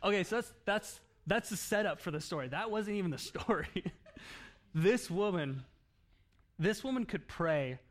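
A man preaching a sermon, telling a story in an animated way with laughs and acted-out quotes. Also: sits high, normal speed. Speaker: pastor.

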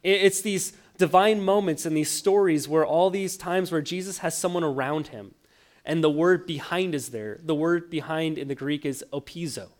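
Guy preaching, slightly high voice, acts out the quotes, stumbles and restarts a lot. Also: moderate pace. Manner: animated storytelling, acts out quoted lines, stammers restarts. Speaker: pastor. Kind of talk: sermon.

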